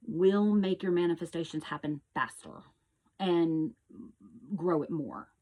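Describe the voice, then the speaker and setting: A woman hosting her own show, earnestly teaching about energy in a casual monologue with restarts, sometimes calling out loud echoing hellos. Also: fairly low pitch. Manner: earnest, repetitive, with restarts and loud echo demonstrations. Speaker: host.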